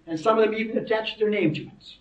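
A man's voice: high-pitched, fast. A man preaching a sermon, praying earnestly and then building to emphatic, repeated points. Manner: earnest, rises to emphatic repetition. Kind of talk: sermon with opening prayer. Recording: distant, echoey, dull old sermon recording.

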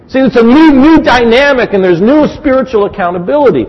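Animated husky-voiced pastor preaching. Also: male voice, extremely high pitch, fairly quick. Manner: animated storytelling, acts out voices. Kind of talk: sermon. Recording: dull recording with long hall reverb.

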